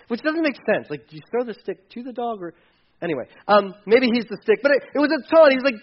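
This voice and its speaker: Male preacher, high-pitched, playful and animated sermon delivery; muffled lo-fi recording. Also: a little fast. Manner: animated, jokey, acts out the Bible story in voices.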